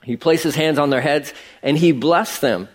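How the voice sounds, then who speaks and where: A middle-aged man preaches with an emphatic, conversational delivery, his voice fairly high for a man. His pitch jumps up sharply when he drives a point home. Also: normal speed. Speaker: pastor. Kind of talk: sermon.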